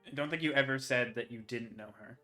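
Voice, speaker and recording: A man running a tabletop fantasy game as game master, narrating scenes loosely with frequent fillers and restarts. His voice is bright and forward at a middle pitch. Faint music plays behind him. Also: fast talker. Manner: rambling, filler-heavy narration.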